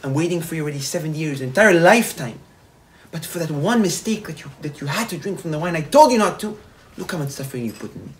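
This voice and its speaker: A man's voice: a little high, expressive, fast talker, lightly acted. A man voicing a grieving princess in a told story, reproachful and pleading.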